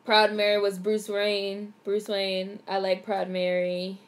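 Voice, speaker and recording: This young vlogger, a woman with a mid-range voice, takes her time as she casually reacts to a film in real time. She's excitable, narrates the scenes, and swears freely.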